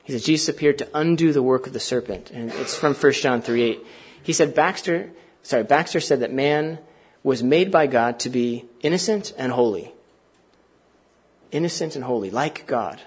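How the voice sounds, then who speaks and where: A man preaching from the pulpit with a slightly husky, breathy voice and a middling pitch. He talks in an earnest, conversational way, often turning to the congregation with questions and casual asides. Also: normal speed. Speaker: pastor. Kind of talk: sermon.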